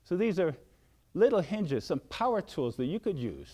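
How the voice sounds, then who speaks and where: An older man giving a motivational wellness talk, animated and acting out shouted outbursts. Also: high voice, moderate pace. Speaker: wellness speaker.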